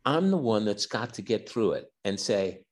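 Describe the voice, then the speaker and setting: Animated older male storyteller. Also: lowish voice, normal speed. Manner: animated storyteller who acts out dialogue, with repeated starts. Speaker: podcast guest, physician and author. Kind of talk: candid interview storytelling.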